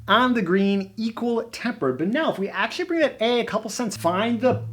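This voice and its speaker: A double bass teacher giving an encouraging, step-by-step demo lesson, with bass notes played between phrases. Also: lively intonation, fairly quick, fairly bright tone. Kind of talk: instructional demo with playing.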